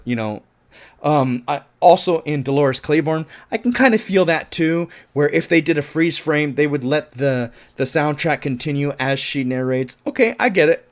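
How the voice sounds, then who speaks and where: A man giving a casual film review monologue, animated and profane, laughing at his own points and turning loud when he finds something absurd. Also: on the high side, normal speed.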